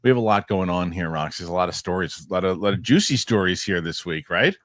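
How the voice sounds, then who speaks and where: A man's voice: deep voice, animated, fast talker, dry recording, studio quality. A man hosting a casual podcast chat, jokey and rambling. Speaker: host. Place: New York studio.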